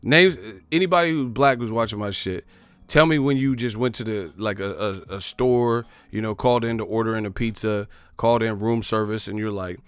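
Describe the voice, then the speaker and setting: A man's voice: lowish voice, moderate pace, clear, resonant tone, no room sound. A man ranting in boxing commentary, brash, combative and profane.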